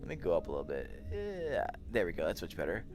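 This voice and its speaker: A man's voice: low-pitched, huge pitch swings, fast talker, darkish tone, soft background music. A tired young man chatting casually on a late-night livestream, yawning and rambling as he greets his chat by name. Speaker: VR streamer.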